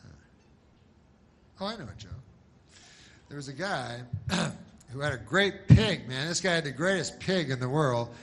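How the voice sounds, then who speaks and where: A man telling a long, rambling joke in a hesitant, deadpan way, full of pauses and filler. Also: fairly high pitch, a little hiss or hum. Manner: deadpan, hesitant, lots of uhs. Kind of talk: rambling shaggy-dog joke.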